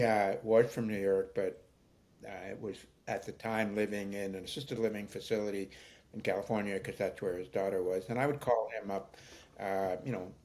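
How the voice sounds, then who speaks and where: An older man speaking as an interview guest, telling stories in a thoughtful, halting way with many fillers. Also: lowish voice, darkish tone. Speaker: guest, founder of an aging nonprofit. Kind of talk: conversational storytelling interview.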